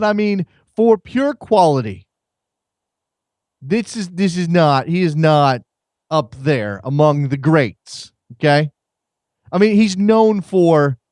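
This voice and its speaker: A man's voice: fairly high pitch, a little mellow, no echo. A man hosting a soccer call-in show in a radio studio, chatting casually in a wry, rambling way and often repeating words. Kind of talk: casual chat.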